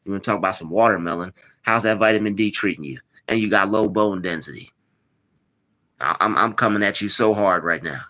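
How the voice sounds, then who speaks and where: A man's voice: on the low side, fairly quick, sharp tone. A man hosting a live stream, talking casually, teasing and replying to his chat with lots of repetition. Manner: mocking, repetitive, replies to chat.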